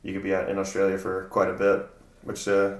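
Laid-back comedian, low voice, echoey room. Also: male voice, fairly quick. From American South. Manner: relaxed, rambling, laughs often. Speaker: guest comedian. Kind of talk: casual podcast conversation. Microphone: far from mic. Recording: echoey room, distant mic.

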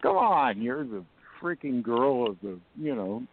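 A man's voice: mid-range voice, sing-song, unhurried, a little hiss or hum. A man calling in to a radio show, bantering and laughing as he chats with the host. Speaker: caller, poet. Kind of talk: casual call-in chat. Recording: dry tinny phone line.

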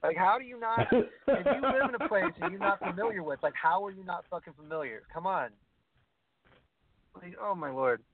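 A man's voice: high-pitched, brisk. A man from Brooklyn with a New York accent, hosting a casual podcast chat and telling blunt, swearing stories. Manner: blunt, swearing, animated storytelling. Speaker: podcast host. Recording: tinny phone-like line with faint hiss.

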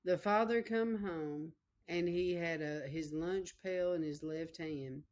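A woman's voice: on the low side, slow, a little mellow. A woman preacher, telling a personal story in a folksy, emotional way during a sermon.

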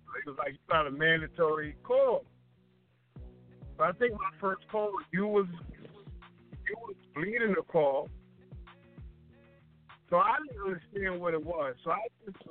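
Animated high-voiced man on a phone line. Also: moderate pace. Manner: animated, acts out quoted lines. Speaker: guest DJ. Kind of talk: casual storytelling chat. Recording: tinny phone-line sound with faint music.

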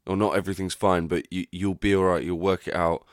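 A man's voice: deep voice, flat delivery, fairly quick, dry recording, studio quality. A young man hosting a podcast, talking candidly and rambling in a casual reflective monologue, swearing freely. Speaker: podcast host.

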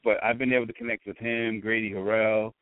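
A man with a Boston accent, a guest chatting casually in an interview, relaxed and rambling with frequent restarts. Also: fairly low pitch, a little fast, clear, resonant tone, no echo. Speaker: guest, radio show host. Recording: tinny phone-like line.

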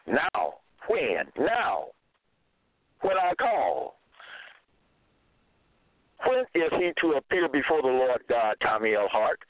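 A man preaching slowly and deliberately, quoting scripture verse by verse and repeating his phrases. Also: mid-range voice, very animated, no echo. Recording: tinny phone-line sound, dry.

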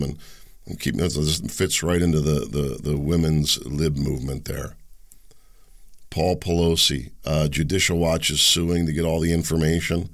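A man's voice: steady tone, a little slow, vocal fry. A man hosting a solo political commentary, rambling and sarcastic, often mocking others. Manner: rambling, sarcastic, mocks others in high sneering voices.

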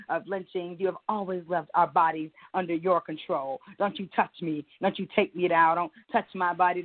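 A middle-aged woman poet performing spoken word in a rhythmic, chant-like cadence, then chatting as a guest. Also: on the low side. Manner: rhythmic, repetitive chant-like delivery. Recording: tinny phone-like line.

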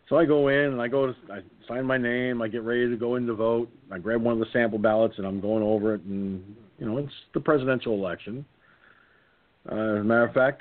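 A man in his sixties hosting a casual talk show, telling a comic anecdote and jumping into silly high voices. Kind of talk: casual storytelling chat. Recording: phone-line audio.

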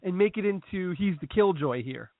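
A man co-hosting a casual sports podcast, talking his opinions through in a measured way with frequent restarts. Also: sits high, expressive, dry recording. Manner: measured, reasoning, repeats starts. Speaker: podcast co-host. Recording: dry tinny phone-like sound.

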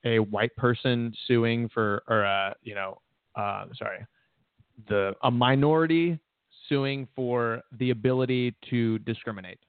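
A man's voice: medium pitch, fairly even intonation, measured pace, clear, resonant tone, no room sound. Joking, hesitant man on a phone-like line. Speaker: podcast co-host. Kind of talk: casual political chat. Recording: dry, tinny phone-like sound.

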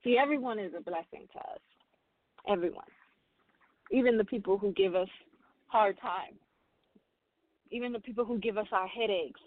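A woman's voice: mid-range voice, normal speed, pauses often, dry recording. Earnest woman, tinny phone-like sound. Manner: earnest, repeats and restarts phrases, gets emotional. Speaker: spiritual reader and host. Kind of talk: motivational spiritual talk.

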